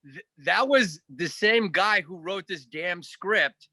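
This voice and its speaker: A man's voice: high voice, slow, dry recording. A man telling a long story in a casual interview, rambling, swearing now and then and acting out what others said. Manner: animated, rambling, swears, acts out quotes. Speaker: guest actor.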